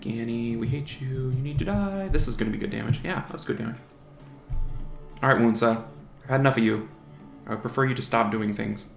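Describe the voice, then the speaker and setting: A man with a gravelly, fry-edged voice casually narrates his own online game match. He mutters strategy, second-guesses his moves and jokes at the enemy monsters. The sound is roomy, with faint music playing behind him. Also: medium pitch, a little fast, long pauses. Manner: chatty, mutters strategy aloud, teases opponents' monsters. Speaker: gaming channel host. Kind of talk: casual live game commentary.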